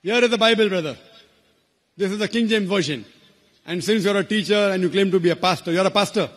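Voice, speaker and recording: Firm high-voiced man in a reverberant hall. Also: fast talker, slightly rough. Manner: firm, repeatedly addresses the asker as brother. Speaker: lecturer answering questions. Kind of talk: public debate reply.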